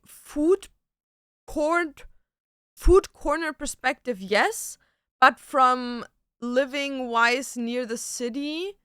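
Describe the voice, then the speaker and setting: A young woman chatting on a home livestream, telling a long, exasperated story with plenty of likes and curse words. Her voice sits high and sounds smooth and clean. The room is dry, with almost no echo. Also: pushed and bright. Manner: ranting storytelling with frequent likes and swearing. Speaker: streamer. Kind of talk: casual livestream chat.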